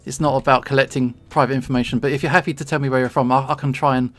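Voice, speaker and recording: A streamer from England with a London accent, chatting casually and rambling while drawing, self-deprecating and quick to laugh. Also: mid-range voice, little pitch movement, a bit bright, faint music behind. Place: home streaming setup.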